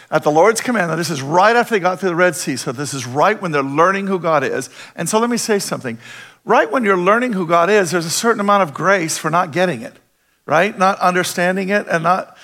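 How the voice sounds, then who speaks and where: A man's voice: on the high side, fairly bright tone. A middle-aged man preaching a conversational sermon as a pastor, often checking in with his listeners with questions.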